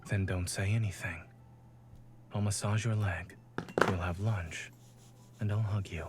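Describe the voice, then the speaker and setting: An actor voicing a gentle, reassuring adult male love interest in a game, speaking softly. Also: low-pitched, fairly even intonation, unhurried. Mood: tender. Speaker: game character. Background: game music.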